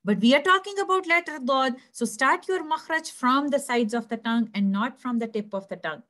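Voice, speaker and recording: Woman teaching recitation, patient and slightly high. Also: a bit bright. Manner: patient, explanatory, demonstrates pronunciations slowly. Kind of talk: tajweed lesson.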